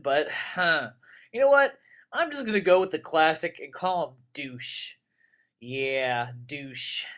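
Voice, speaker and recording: A young man giving casual, rambling commentary on a game he plays, excitable and full of crude jokes. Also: on the high side. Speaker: let's player.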